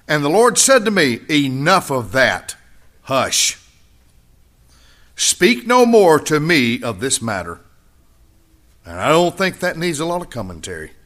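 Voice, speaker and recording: A man preaching a sermon, repeating key phrases and swinging between loud high emphasis and quiet low asides. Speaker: pastor.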